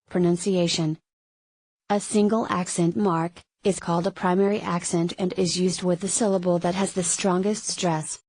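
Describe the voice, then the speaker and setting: A woman reading medical terminology textbook pages aloud, word by word, in a flat, measured way. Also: lowish voice, dry recording, low-quality recording. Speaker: narrator of a medical terminology lesson.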